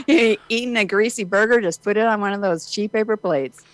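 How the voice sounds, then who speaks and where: A woman's voice: mid-range voice, lively intonation, a little slow, noisy background. A woman co-hosting a casual morning radio show, giving wry, matter-of-fact advice. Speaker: radio co-host.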